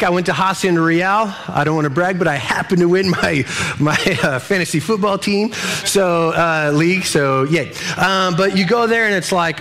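A man in his thirties preaching a sermon at a church service, joking and acting out little voices. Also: sits high. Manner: animated, jokey, acts out little voices. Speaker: pastor. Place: church service with a live audience.

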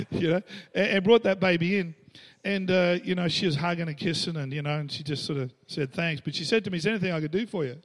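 A man's voice: high-pitched, fairly even intonation, fairly quick, few pauses. A middle-aged Australian man preaching a storytelling sermon, acting out the voices he quotes and laughing between lines. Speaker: pastor.

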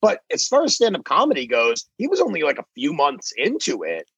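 A man's voice: fairly high pitch, wildly swooping pitch, brisk, a bit bright, slightly rough, no echo. A man, a comedian guest on a podcast, chatting casually and musing in long thoughtful runs. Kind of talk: casual chat. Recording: dull lo-fi sound.

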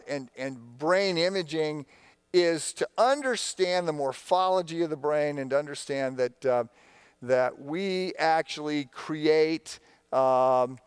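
Smooth, candid storytelling preacher. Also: male voice, fairly high pitch, no room sound. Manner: conversational storytelling, candid and self-deprecating. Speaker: pastor. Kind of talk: sermon.

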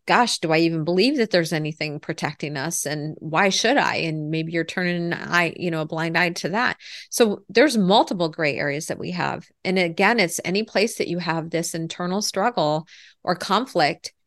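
An earnest woman coach talks through her ideas in a reflective way, often adding "you know." Her voice sits a little low, and the sound is dry and close with no room echo. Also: a bit bright. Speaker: lifestyle coach. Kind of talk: podcast interview answers.

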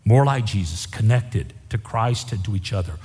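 A husky-voiced man delivers a folksy, emphatic sermon, driving his points home by repeating them. His voice carries a long reverb through the church sanctuary. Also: lowish voice, lively intonation, moderate pace, dark tone. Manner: folksy, emphatic preaching with repetition. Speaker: pastor.

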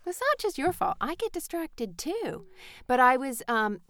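A woman's voice: high voice, sing-song, a little slow, a bit bright, no room sound, studio quality. A mother hosting a podcast, chatting in a rambling, affectionate way with her child. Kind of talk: casual chat with her child.

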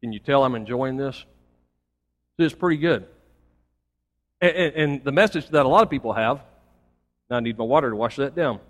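A man's voice: medium pitch, animated, moderate pace, pauses often, a bit bright. A man preaching a Sunday sermon as pastor, building to emphatic points between folksy asides to the congregation. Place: church sanctuary. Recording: long hall reverb.

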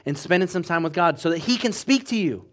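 A man preaching a sermon, telling a story with lively acted-out quotes and swinging between loud bursts and hushed passages. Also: sits high, fast.

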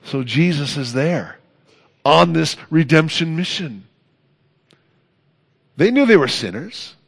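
A man preaching a sermon as pastor, earnest, building to emphatic peaks and then dropping soft. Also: a little high, lively intonation, slow pace, creaky, husky.

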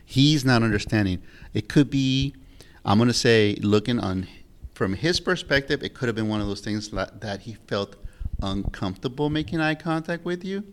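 A man hosting a podcast who speaks in a halting, thoughtful way with frequent restarts. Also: medium pitch, lively intonation. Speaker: podcast host. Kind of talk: casual podcast chat.

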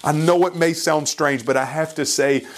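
A man preaching a sermon who retells a story in an earnest, pleading way and speaks slowly and deliberately. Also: fairly high pitch, steady tone.

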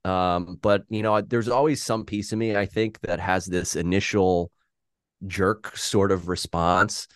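Man, deep voice, candid and self-deprecating, podcast chat, dry sound. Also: fairly even intonation, unhurried, no echo. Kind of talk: casual podcast conversation.

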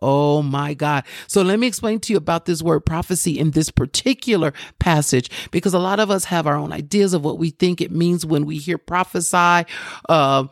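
A woman's voice: low voice, normal speed, dry recording, studio quality. A woman hosting a devotional podcast, teaching with fervent exclamations and repeated phrases. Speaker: podcast host and preacher.

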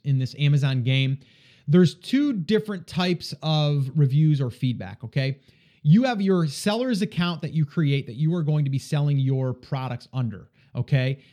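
A male podcast host with a slightly higher voice answers listener questions in a relaxed coaching tone. He talks casually and keeps checking that listeners are following with a quick "okay?".

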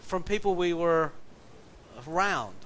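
Folksy preacher, slightly high voice. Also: male voice, expressive, slow pace, fairly bright tone, slight background noise, rough recording. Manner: folksy, storytelling, joking asides. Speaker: pastor and jail minister. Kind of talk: conversational sermon.

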